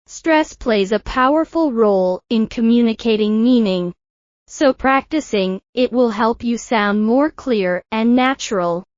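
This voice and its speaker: A woman teaching English pronunciation in a scripted lesson, speaking slowly and carefully over-articulating each example word. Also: fairly high pitch, a little mellow, no echo, muffled recording.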